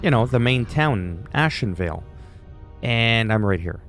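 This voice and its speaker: A man with a fairly low voice, talks through his gameplay in a loose, opinionated rant. He swears freely and wanders between tangents. Faint game music sits quietly behind him. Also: expressive, measured pace. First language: French. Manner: ranty, profane, opinionated. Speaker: gaming YouTuber. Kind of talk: casual gameplay commentary.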